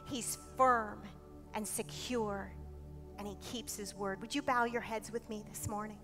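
A woman pastor preaching a sermon in a church service, earnest and emphatic, often dropping soft and then swelling loud. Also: medium pitch, fairly even intonation, a little slow, over music. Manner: earnest, emphatic, swinging between quiet and loud.

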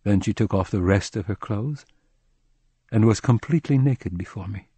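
A man narrating a literary audiobook in a measured, somber first-person reading. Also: lowish voice, mellow, breathy edge, no echo.

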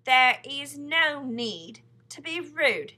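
A woman's voice: high-pitched, big pitch swings, pushed and bright, voice pushed up, heavily acted. A woman voicing a prim sleepy glowworm lady. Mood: cold. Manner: cool, slow, prim. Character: haughty sleepy female glowworm.

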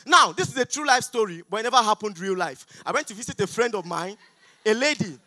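A young Nigerian man with a Nigerian accent doing a stand-up comedy set on an auditorium stage, loud, pleading and mock-outraged with the crowd. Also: high-pitched, animated, quick pace, dry recording. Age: young adult.

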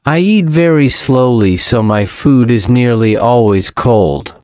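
Very slow, measured male narrator. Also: mid-range voice, lively intonation, darkish tone, no echo, dull audio. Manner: measured, plain first-person reading. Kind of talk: slow scripted audiobook narration for English learners.

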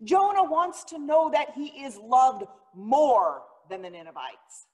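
A woman's voice: sits high, expressive, slow pace, hardly any pauses. A woman pastor giving a sermon, telling the story in an earnest, dramatic way. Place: church sanctuary. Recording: long reverb of a church hall.

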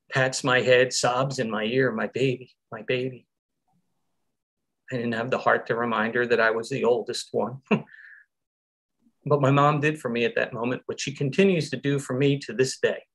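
A middle-aged man from Philadelphia, a survivor giving an earnest, reflective talk over a live stream, with soft laughs now and then. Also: mid-range voice. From Philadelphia, USA. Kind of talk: personal storytelling talk. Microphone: video call from home.

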